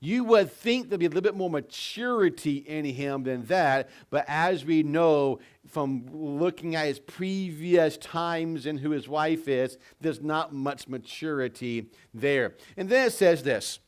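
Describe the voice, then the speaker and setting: In a church sanctuary, a pastor preaches a sermon in a conversational way, telling stories and asking his congregation questions. His voice is on the high side, with a measured pace and hardly any pauses.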